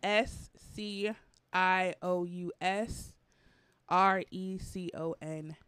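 A woman's voice: fairly low pitch, fairly even intonation, drawn-out words, a bit bright, clean tone, no echo. A woman co-hosting a podcast in casual chat, laughing often and trading crude banter. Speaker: podcast co-host.

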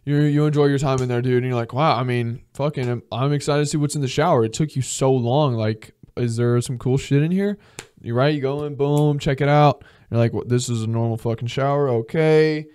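A young man ranting on his podcast, worked up and exasperated, cursing freely. He keeps acting out little mock conversations between strangers. His pitch sits in an everyday middle range. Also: brisk, a little mellow, clean tone. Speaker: podcast host. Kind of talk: comedic solo rant.

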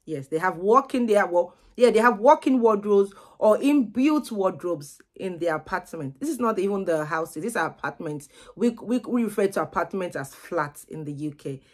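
A woman's voice: medium pitch, expressive, normal speed, hardly any pauses. A young woman, vlogging casually to camera and chatting in a loose, repetitive way. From Nigeria. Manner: chatty, repeats words as she goes.

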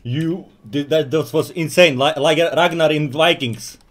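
A man's voice: on the high side, a little slow. A man with a Slovak accent, a native Slovak speaker, chatting casually and mockingly while playing an online game. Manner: joking, mocking, unbothered. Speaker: gaming streamer. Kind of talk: casual gameplay chat.

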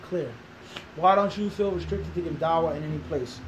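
An Islamic teacher from Philadelphia, USA, a man in his thirties with the local accent, is interviewed, but it turns into a lecture where he repeats his points and poses rhetorical questions to the room. His voice runs on the high side at a moderate pace, with background noise behind it.

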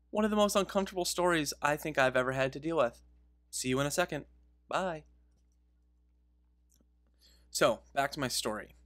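A man's voice: medium pitch, fairly bright tone. A man giving casual gaming commentary, rambling through a story and interrupting himself, laughing at his own telling. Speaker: game video creator.

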